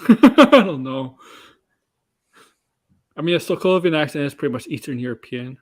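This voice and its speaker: A man chatting casually as a co-host, his slightly high voice swinging up and down as he rambles. He restarts his sentences often and laughs between thoughts. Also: very animated, normal speed. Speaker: podcast co-host. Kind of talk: casual chat.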